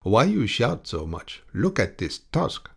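A man voicing a calm, impassive male station clerk in an audiobook, speaking broken English slowly and evenly. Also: medium pitch, creaky, breathy edge, pitched above the performer's own voice, heavily acted. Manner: broken English, unhurried and even. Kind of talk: audiobook character voice.

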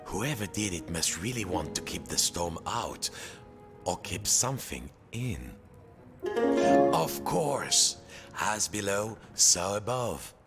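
A very deep male voice telling a story with playful, theatrical swoops in pitch. Music plays clearly behind his narration. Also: big pitch swings, slow.

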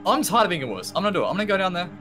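A man's voice: high-pitched, sing-song, very fast. A man chatting casually while playing a game with friends, joking and yelping when startled. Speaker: gamer. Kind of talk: casual gaming chat. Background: game music.

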